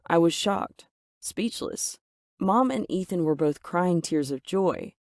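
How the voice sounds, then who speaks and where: A woman's voice: low-pitched, measured pace, darkish tone, no echo, studio quality. A woman telling a first-person story in a dramatic, emphatic way. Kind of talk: scripted first-person narration.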